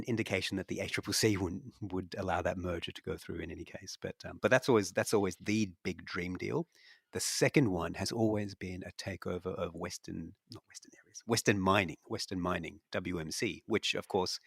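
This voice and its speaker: Low gravelly Australian man, podcast chat. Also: fairly bright tone, no echo, clean studio sound. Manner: rambling, many restarts and fillers. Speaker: investment analyst co-host. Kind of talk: casual podcast discussion.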